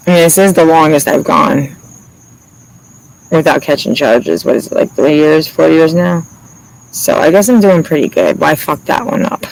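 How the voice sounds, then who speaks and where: A man's voice: on the high side, normal speed, gravelly, slight background noise, low-quality recording. A man chatting casually to viewers on a livestream, rambling and swearing freely, laughing often.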